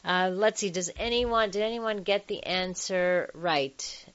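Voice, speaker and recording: Woman, radio host, chatty, lots of fillers, lowish voice, dull lo-fi audio. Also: measured pace. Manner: chatty, frequent fillers, laughs easily. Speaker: radio sex-talk show host. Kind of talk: casual radio talk.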